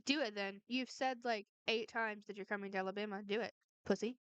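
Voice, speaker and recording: Furious sarcastic woman, smooth dry voice. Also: mid-range voice, moderate pace, fairly bright tone, no room sound. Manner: angry, sarcastic and profane ranting. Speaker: vlogger responding to a harasser. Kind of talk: heated commentary vlog.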